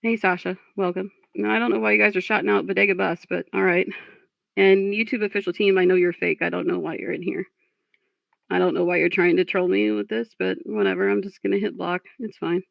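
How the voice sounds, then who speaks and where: Frustrated woman streamer with gravelly voice. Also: mid-range voice, steady tone, brisk, no echo. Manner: frustrated, blunt, swears at trolls. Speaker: livestream host. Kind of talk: casual livestream talk reading chat. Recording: dull lo-fi stream audio.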